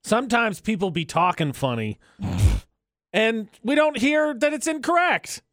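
A man's voice: high voice, big pitch swings, unhurried, fairly bright tone, no echo, studio quality. A man co-hosting a radio show, bantering casually and laughing often. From not from Utah.

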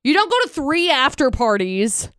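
A woman co-hosting a radio show, gossiping in an expressive, emphatic way. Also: high voice, normal speed, dry recording, clean studio sound. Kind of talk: casual radio banter.

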